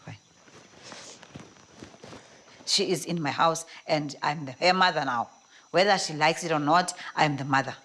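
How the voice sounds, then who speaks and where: A woman's voice: deep voice, moderate pace, long pauses, fairly bright tone. A middle-aged woman, a host mother, speaking in a stern, firm way. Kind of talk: reality show confrontation and interview.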